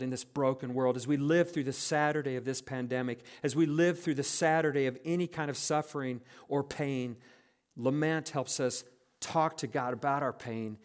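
A man preaching an earnest evening sermon as pastor, reading scripture aloud with slowed, weighty emphasis. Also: mid-range voice.

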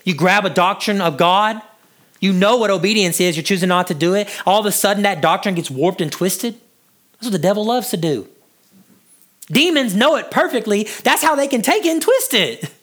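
A man preaching a sermon as pastor, animated, moving between loud high lines and hushed low ones and often repeating words as he restarts. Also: normal speed.

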